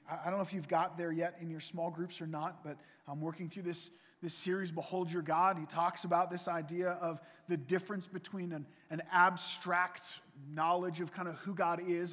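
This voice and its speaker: High-voiced pastor preaching in a reverberant hall. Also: male voice. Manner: earnest, pleading, swells louder then drops soft. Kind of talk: sermon. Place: church sanctuary. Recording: long reverb from a church hall.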